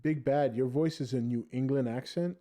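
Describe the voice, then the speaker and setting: This casual podcast host has a dark, medium-pitched voice and a moderate pace. He keeps it laid-back and jokey, reading viewer comments aloud and joking with the chat.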